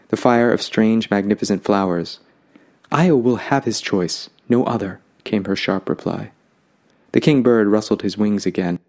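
A man narrating a fantasy story in a calm, lyrical way. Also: fairly low pitch.

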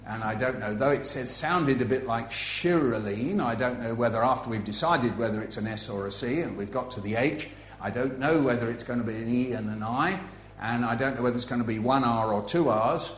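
A man's voice: medium pitch, fairly quick, echoey room, a little hiss or hum. A man giving a humorous author talk to a live audience, playful and facetious, full of asides. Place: festival venue with an audience.

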